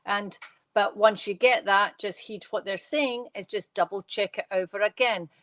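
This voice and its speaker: A Scottish woman giving live psychic readings from her bedroom at home, talking fast and chatty, with rambling restarts. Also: medium pitch, fairly bright tone, dry recording.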